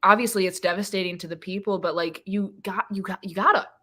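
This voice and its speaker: A woman's voice: mid-range voice, fairly even intonation, fast talker, fairly bright tone, a little hiss or hum. A woman guest in a casual book discussion, emotional and rambling with many restarts and fillers.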